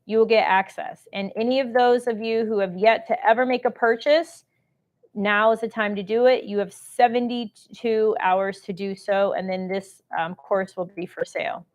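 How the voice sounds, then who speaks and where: A woman hosts a live shopping stream about government contracting, chatting in a salesy way as she reads viewer comments aloud and answers them. Her voice sits in the mid-range with fairly even intonation and a moderate pace, and the sound is lo-fi.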